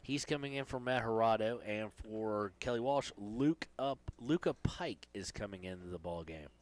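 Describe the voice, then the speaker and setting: A man's voice: lowish voice, normal speed. Guy calling a local soccer game from the press box, chatty, cracks jokes. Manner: chatty, joking asides between plays. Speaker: play-by-play commentator. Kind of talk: high school soccer commentary.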